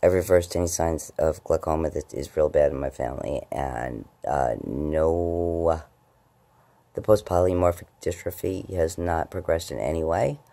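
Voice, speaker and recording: A woman vlogging casually at home, rambling about her day and her eyesight, and slipping into high baby talk with her cats. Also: fairly even intonation, a little slow, warm tone. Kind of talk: casual late-night vlog. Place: at home, indoors.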